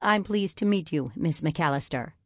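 A woman's voice: deep voice, expressive, moderate pace, no echo, studio quality. A woman voicing a stiff, flustered young male pastor who speaks in a prim, formal way. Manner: prim, formal, inwardly anxious.

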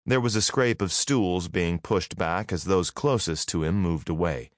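A man narrating a fantasy audiobook in an expressive storytelling manner on a close studio mic. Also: deep voice, unhurried, no echo. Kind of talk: scripted narration.

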